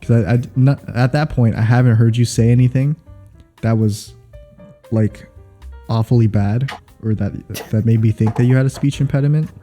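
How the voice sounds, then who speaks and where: Mellow-voiced man, non-native English, chatting loosely. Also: mid-range voice, fairly even intonation, moderate pace, faint music behind. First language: not English. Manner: rambling, laughing, restarts often. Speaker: podcast co-host. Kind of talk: casual chat.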